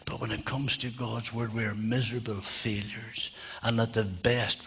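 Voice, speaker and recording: A man's voice: mid-range voice, little pitch movement, unhurried, gravelly, a bit bright, husky. A man preaching a sermon in a church, fervent and emphatic.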